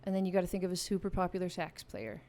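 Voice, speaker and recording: A woman's voice: on the low side, little pitch movement, quick pace, vocal fry, a little mellow. Playful, chatty woman hosting a live online game, talking straight to viewers on a studio mic. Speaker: music channel host running a live game. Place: home music room with a piano. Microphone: studio vocal mic.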